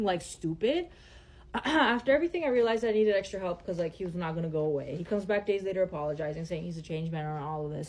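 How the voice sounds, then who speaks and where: Young woman venting on her vlog, lowish voice, swears a lot, blunt and emotional. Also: darkish tone. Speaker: vlogger. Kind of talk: personal storytime vlog.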